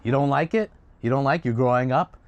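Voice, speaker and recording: A man's voice: medium pitch, a little fast, no echo, lo-fi sound, lightly acted. A man voicing a condescending tyrant king. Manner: condescending, scolding. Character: domineering king, condescending ruler.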